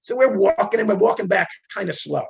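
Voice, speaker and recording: An older man telling war stories as an interview guest, animated, acting out quoted dialogue with many fillers. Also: high voice, brisk, vocal fry. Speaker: interview guest, retired federal agent. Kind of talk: conversational storytelling.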